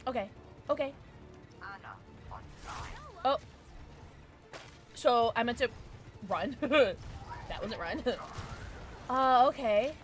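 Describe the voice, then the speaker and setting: Giggly high-voiced woman streamer. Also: very slow, pauses often, soft background music. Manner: giggly, excitable, talks to herself while playing. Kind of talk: casual gameplay chat.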